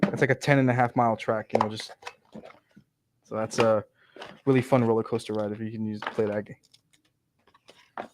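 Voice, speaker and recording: A man chatting casually on a livestream about building PCs and racing, excitable and talkative. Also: lowish voice, moderate pace, pauses often, noisy background. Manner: excitable, chatty, laughs often.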